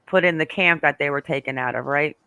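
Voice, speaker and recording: A woman's voice: deep voice, fairly quick, bright, forceful tone, dry recording. A woman hosting a live stream, chatting casually and emotionally with many restarts and fillers. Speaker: host.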